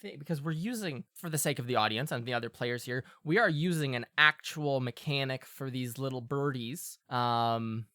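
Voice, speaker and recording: A woman's voice: rumbling low, normal speed, few pauses, fairly bright tone, no room sound, studio quality. A woman running a tabletop game, narrating with playful, rambling asides. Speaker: game master.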